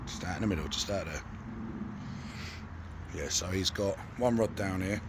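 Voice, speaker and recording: Croaky angler chatting by a lake. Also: male voice, low voice, moderate pace, background noise. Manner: banters and asks questions. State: croaky after losing his voice to a cough. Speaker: angler and channel host. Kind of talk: casual outdoor commentary. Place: lakeside outdoors.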